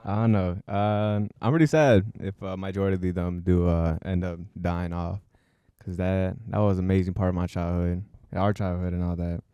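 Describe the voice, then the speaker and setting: A man co-hosting a casual podcast, talking in a hesitant, soft-spoken way. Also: sits low, fairly even intonation, normal speed, clear, resonant tone, no room sound. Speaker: podcast co-host. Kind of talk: casual chat.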